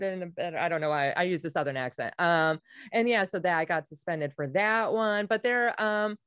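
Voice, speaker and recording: A woman hosting a casual podcast chat, talking bluntly with lots of swearing and loud laughter. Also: fairly low pitch, lively intonation, normal speed, clean tone, no room sound, clean studio sound. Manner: profane, blunt, laughs loudly. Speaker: podcast host; comedian.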